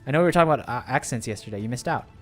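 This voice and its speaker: A male streamer talking over his game in casual commentary, sarcastic and playfully defensive with his chat. His voice swings up and down expressively at a mid pitch, with faint music running underneath. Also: animated, very fast. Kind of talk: casual gaming livestream commentary.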